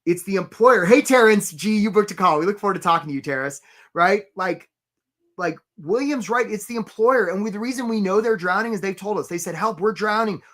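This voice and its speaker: Casting note: upbeat male career coach running a live webinar, forceful bright tone, keeps checking in with "right?". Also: sits high, brisk. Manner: energetic, peppered with "right?", greets chat names.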